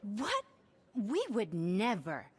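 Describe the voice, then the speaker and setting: A prim auction clerk, formal and quick to take offense. Her voice sits at a middling pitch and turns sharply indignant. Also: wildly swooping pitch, darkish tone, husky, exaggerated voice.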